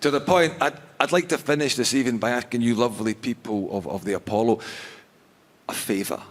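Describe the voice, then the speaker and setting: A man performing a stand-up set on a theatre stage, with a halting, self-mocking delivery full of restarts. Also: medium pitch. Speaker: stand-up comedian. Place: large theatre stage before a live audience. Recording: long theatre reverb.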